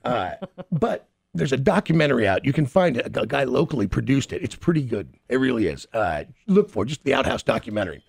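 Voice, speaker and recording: Casual guest: man, gravelly and husky voice, lively up-and-down delivery, stammers and restarts. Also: mid-range voice, brisk. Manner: rambling, stammering, laughs often. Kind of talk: casual chat.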